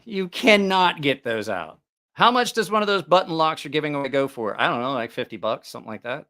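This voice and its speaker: A man's voice: a little high, animated, brisk, pushed and bright. A man hosting a casual livestream about knives, joking, teasing viewers and laughing often. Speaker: knife channel host.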